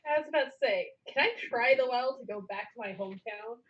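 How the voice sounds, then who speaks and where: A woman's voice: on the high side, quick pace, background noise. A woman playing a tabletop game with friends, teasing and giggling, on a lo-fi mic. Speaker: player. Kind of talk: casual tabletop game chat.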